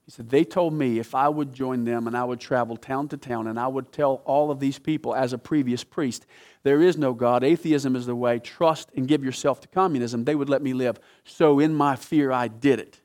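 A man preaching a sermon, telling a story with dramatic swings from loud emphatic peaks to hushed, low passages. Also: fairly even intonation, moderate pace.

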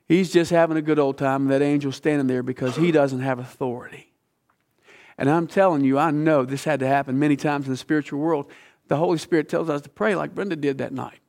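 A middle-aged male pastor preaching a sermon, telling a story with passion and dropping from loud to hushed. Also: on the high side.

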